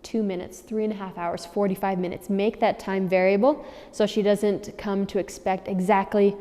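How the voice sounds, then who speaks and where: A woman dog trainer talking new owners through their puppy's routine in a firm, practical way. Her voice is mellow and dark, and it rings with a long reverb, as if she were recorded in a large hall. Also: medium pitch, flat delivery, moderate pace. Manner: firm, repeats key warnings for emphasis. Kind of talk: instructional handover talk.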